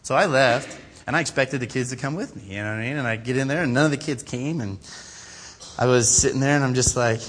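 A man's voice: medium pitch, fast talker, slight background noise. A man preaching a sermon in a church, telling funny stories about himself and acting out the voices of the people in them. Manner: animated, self-mocking, acts out quoted voices. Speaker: pastor. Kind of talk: storytelling sermon.

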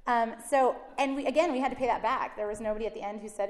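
A woman in her thirties giving a chatty, animated sermon full of personal stories. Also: fairly high pitch, fast talker, hardly any pauses, slight background noise. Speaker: women's ministry speaker. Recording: echoey room.

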